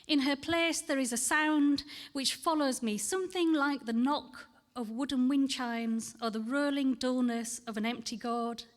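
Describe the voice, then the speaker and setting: A woman reading her poems aloud and talking candidly between them at a festival event, earnest and measured. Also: high-pitched. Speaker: poet. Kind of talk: poetry reading with personal talk. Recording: long hall reverb.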